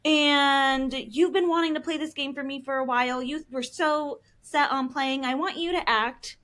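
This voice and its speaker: High-voiced woman counselor explaining casually. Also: steady tone, moderate pace, fairly bright tone. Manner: explains with acted-out examples, frequent fillers. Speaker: licensed professional counselor, podcast guest. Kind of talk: casual podcast conversation.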